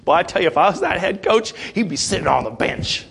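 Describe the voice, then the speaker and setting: Animated preaching man, slightly high voice. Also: fast, vocal fry, a little hiss or hum. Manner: animated, swings from quiet to loud. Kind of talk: sermon.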